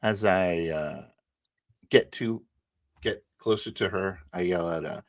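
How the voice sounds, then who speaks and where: Male player, low pitch, dry mic, hesitant delivery. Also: dry recording. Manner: hesitant, halting, many uhs. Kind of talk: in-character tabletop play.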